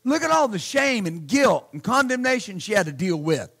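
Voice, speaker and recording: Man, pastor, sermon, very high voice, bright and forceful, blunt, shouts his points. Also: very animated, normal speed. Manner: blunt, emphatic preaching with repeated hallelujahs.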